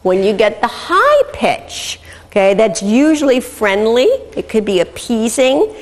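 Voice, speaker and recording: A woman's voice: a little high, big pitch swings, measured pace, in a large hall. A woman giving a recorded lecture as an instructor, methodical and often checking in with "okay".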